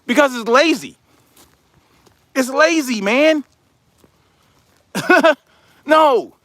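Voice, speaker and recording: A man rants on his livestream, heated and profane, mocking the people he argues against. His voice sits high and sounds bright and forceful. The recording is dry and close. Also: expressive, drawn-out words, no echo. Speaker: livestream commentary host. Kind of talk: casual livestream rant.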